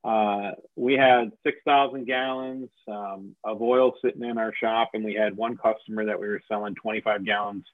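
A man's voice: fairly low pitch, fairly even intonation, moderate pace, hardly any pauses, dry recording. A man tells the story of his business in a loose, conversational way, circling back with fillers and restarts and laughing at himself now and then. The sound is dry and narrow, like a phone line. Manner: rambling, many fillers and restarts, self-deprecating laughs. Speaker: franchise owner telling his business story. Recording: dry, tinny phone-like audio.

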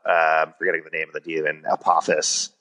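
A man's voice: extremely low pitch, flat delivery, fast, bright, forceful tone, highs cut off. A man hosting a casual podcast, recapping a TV episode with jokes and lots of "uh"s as he thinks aloud. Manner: jokey, thinks aloud with many fillers. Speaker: podcast host.

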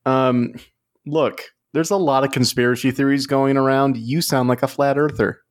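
Male podcast co-host, deadpan mock-serious delivery, mid-range pitch. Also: normal speed. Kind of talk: casual comedic chat.

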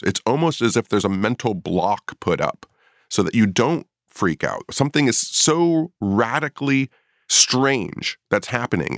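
A man's voice: medium pitch, a bit bright, no echo, studio quality. A middle-aged man and paranormal investigator telling a story in a casual podcast chat, acting out his own past reactions.

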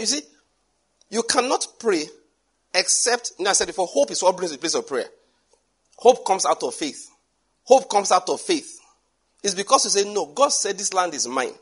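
Husky animated male preacher. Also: high voice. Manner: animated, acts out dialogue with shifting voices and laughs. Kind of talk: sermon.

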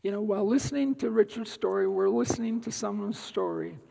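A man giving a guest talk at church, telling a personal story in an unhurried way with dry asides. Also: sits high, gravelly, mellow, in a large hall, slight background noise, rough recording. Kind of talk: sermon-style personal testimony. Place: church sanctuary.

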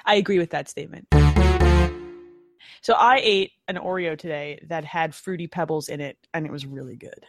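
A woman in her thirties hosting a podcast live stream, chatting casually, talking fast and excitably with frequent laughs. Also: low-pitched, faint music behind. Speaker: podcast host.

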